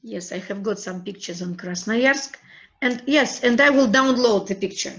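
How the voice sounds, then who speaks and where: Woman teacher, slightly high voice, slow and halting screencast walkthrough, dull lo-fi sound. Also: fairly bright tone. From Russia. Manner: slow, halting, repeats her words as she clicks through steps. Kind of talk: screencast tutorial.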